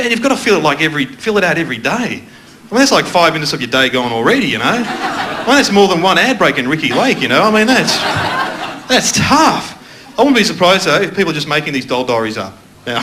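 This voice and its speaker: An Australian man from Melbourne doing a stand-up comedy set, bantering loosely with the audience and mocking himself. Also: sits high. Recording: noisy live club recording.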